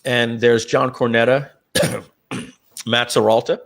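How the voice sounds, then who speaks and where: A middle-aged man, a guest in an interview, telling his story casually, often restarting his sentences and clearing his throat, and jumping up in pitch when he acts out what others said. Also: steady tone, slow pace, fairly bright tone. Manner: acts out quoted voices with jumps in pitch. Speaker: interview guest, online marketer.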